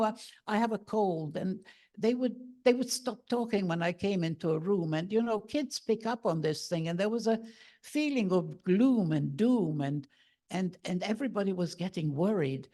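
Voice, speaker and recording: An elderly Hungarian woman in her eighties shares her personal testimony as a guest speaker, vividly recounting her memories and acting out the voices of family members. Her voice is on the low side and a little mellow.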